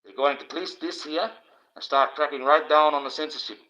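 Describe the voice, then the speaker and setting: A man's voice: on the high side, fairly even intonation, a little fast, pushed and bright. An Australian man ranting on a livestream, crude and profane, rambling with stumbling restarts. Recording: dull lo-fi stream audio.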